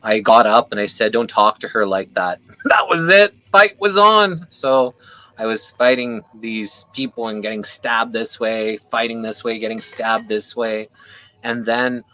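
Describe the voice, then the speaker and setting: Bright-voiced man telling a personal story. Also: mid-range voice, measured pace, low-quality recording. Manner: animated, voice rising with anger, swears casually. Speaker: panel guest. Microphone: video call.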